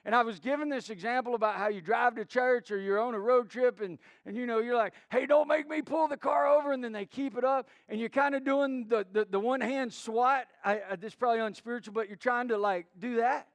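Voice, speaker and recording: High-voiced pastor telling stories. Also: male voice, fairly even intonation, brisk, few pauses, dry recording. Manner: storytelling with many restarts and acted quotes. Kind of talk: sermon.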